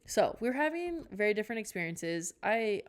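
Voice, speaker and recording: A woman's voice: mid-range voice, very animated, a little fast. A young woman hosting a podcast, telling a rambling storytime with tangents and self-mocking asides. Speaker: podcast host. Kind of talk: casual storytime chat.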